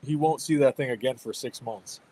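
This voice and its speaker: A man's voice: mid-range voice, brisk, mellow, slightly rough, low-quality recording. A man in his thirties hosting a stream, chatting casually about parenting and laughing often. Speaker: livestream host. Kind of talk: casual chat.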